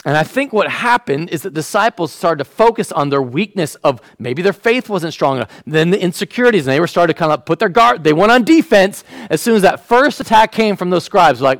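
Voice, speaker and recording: A man preaching a sermon as a pastor. He acts out the quotes and drops to a hush when he wants a point to land. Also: sits high, expressive, fairly quick, hardly any pauses, dry recording, poor audio.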